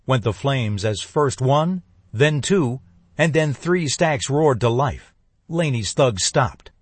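A man narrating a first-person thriller audiobook in a measured, tense voice. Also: medium pitch, husky, dry recording.

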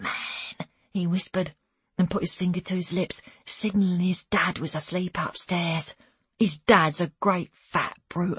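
Woman, first-person audiobook narrator, steady and breathy, dry close recording. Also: lowish voice, no room sound. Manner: even, steady storytelling with hushed asides.

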